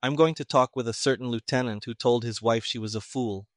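Guy doing a toneless calm young detective, clipped flat talk, dry audiobook sound. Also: mid-range voice, brisk, dry recording, lightly acted.

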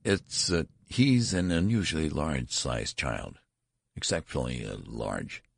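A man's voice: rumbling low, very animated, measured pace, gravelly, breathy edge, dry recording, clean studio sound, exaggerated voice. A man doing a flustered, stammering father. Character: nervous, harried middle-aged father.

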